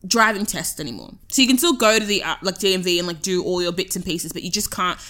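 A young woman hosting a casual chat, telling stories in a chatty, expressive way with many fillers. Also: on the low side, quick pace.

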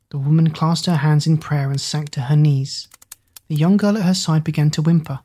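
Audiobook narrator, woman, low and husky, measured. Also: steady tone, mellow. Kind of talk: storybook narration.

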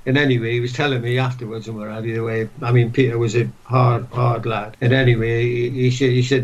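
A man's voice: mid-range voice, level tone, brisk, a little mellow, lo-fi sound. An older man, a former footballer, talks as a guest and retells old stories in a rambling way, with many restarts. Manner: rambling, many restarts and "what have you". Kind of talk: casual interview reminiscing.

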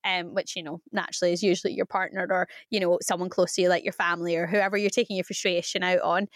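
A woman's voice: on the low side, flat delivery, fast, no room sound, clean studio sound. A young woman co-hosting a podcast, talking candidly in casual chat and laughing often. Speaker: podcast co-host.

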